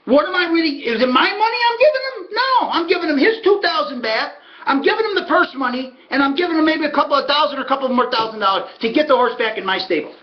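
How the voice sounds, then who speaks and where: A man's voice: very high voice, fast talker. A man casually telling a long story as a podcast host, acting out what others said. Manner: animated, acts out quoted voices. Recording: dull lo-fi audio.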